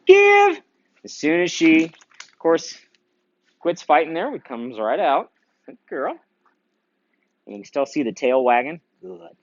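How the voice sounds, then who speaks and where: A man's voice: medium pitch, no echo. Male dog trainer, plain mid voice, dry, dull lo-fi sound, easygoing commentary, clipped commands. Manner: relaxed, frequent "um" fillers, sharp short commands to the dog.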